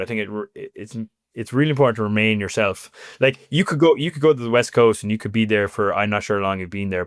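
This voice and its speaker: Speaking as an interview guest, a thirtysomething man from Cork has a lowish voice and an Irish accent. He chats casually and animatedly, sprinkling in plenty of "you know" and "like." The sound is studio quality, with no echo.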